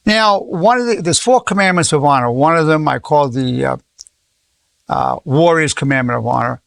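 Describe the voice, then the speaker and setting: This man, in his eighties and a psychologist, has a fairly high, gravelly voice and speaks at normal speed, with no echo around him. He gives an informal lesson rich in stories, repeating himself, restarting, and acting out quoted lines.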